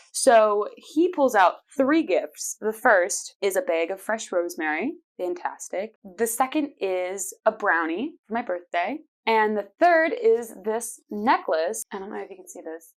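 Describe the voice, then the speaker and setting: A woman in her twenties, hosting her own show and playfully telling personal stories with frequent laughs. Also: medium pitch. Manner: chatty and playful, laughs often. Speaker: podcast host. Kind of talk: casual personal storytelling.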